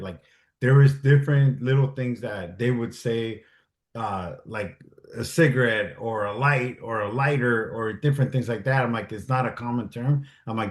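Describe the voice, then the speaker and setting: Guy telling stories all animated, acts out the dialogue, echoey room. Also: mid-range voice. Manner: animated, acts out quoted dialogue, swears freely. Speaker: guest, military advisor and stuntman. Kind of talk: casual storytelling chat. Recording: roomy echo.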